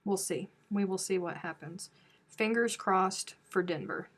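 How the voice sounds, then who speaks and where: A woman's voice: medium pitch, unhurried. A woman hosting a crochet live stream from home, chatting casually and teasing her viewers. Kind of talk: casual chat reading viewer comments.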